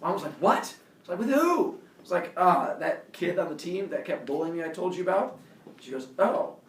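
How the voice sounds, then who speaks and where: A man telling a childhood fight story in an animated way, laughing and acting out the voices. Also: fairly high pitch, fairly quick. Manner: animated, laughing, acts out quotes. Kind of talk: personal storytelling talk. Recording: roomy, distant camera audio.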